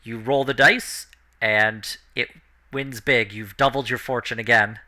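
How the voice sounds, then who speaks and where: A man narrating as game master of a tabletop game, in a relaxed, loose way with fillers. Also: medium pitch, unhurried.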